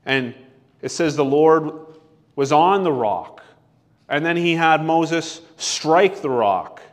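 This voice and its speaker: A man preaching a sermon, reading scripture slowly and deliberately, asking questions and answering them himself. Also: on the high side, expressive.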